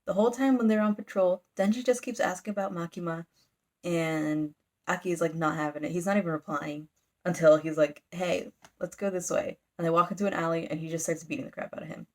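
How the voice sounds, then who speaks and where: Her voice is lowish and steady, and she moves at a quick pace. The young woman is reviewing manga for her YouTube channel, chatting her way through a volume recap full of "like" fillers and slipping into brief dramatizations of character lines.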